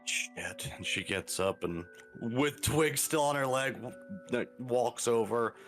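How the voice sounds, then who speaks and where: A man playing a tabletop game, narrating what his character does in a quiet, measured way. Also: mid-range voice, faint music behind. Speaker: player.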